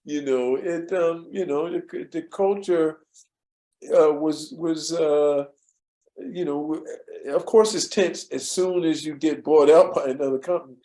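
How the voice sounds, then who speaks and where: An older man, a former studio assistant, telling stories in a relaxed, rambling way with many restarts and fillers. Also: on the high side, roomy sound. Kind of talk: storytelling in a casual interview.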